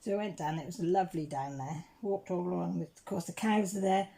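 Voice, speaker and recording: A chatty English woman, middle-aged, spins a meandering anecdote from her home while she crafts. Her voice sits low with a gravelly, fry-laden edge, and she clears her throat as she goes. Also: a little fast, dark tone. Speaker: crafting channel host. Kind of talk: casual storytelling chat while crafting.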